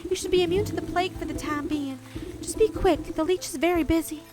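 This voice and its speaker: A woman voicing a brisk, polite nurse, reading her game dialogue aloud in a matter-of-fact way. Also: very high voice, pitched above the performer's own voice. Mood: businesslike. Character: brisk, apologetic young woman nurse in a plague town. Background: game music.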